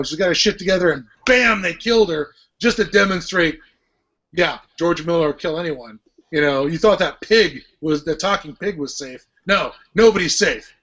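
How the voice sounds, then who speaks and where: A man's voice: sits high, a bit bright. A man hosting a casual podcast chat, telling stories animatedly and swearing freely. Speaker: podcast host. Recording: lo-fi podcast audio.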